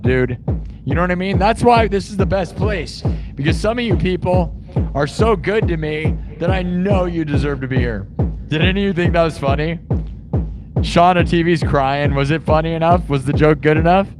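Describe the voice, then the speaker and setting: A man talking casually to his livestream audience, reading their comments and rambling in a loose, chatty way. His voice sits a little high for a man, and faint music plays behind him. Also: moderate pace. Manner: chatty and loose, heavy on "like" and "dude". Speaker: livestream host of an improvised music show.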